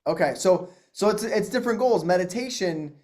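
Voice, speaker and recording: A man coaching on a group call, calmly explaining how hypnosis and trance work. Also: high voice, brisk.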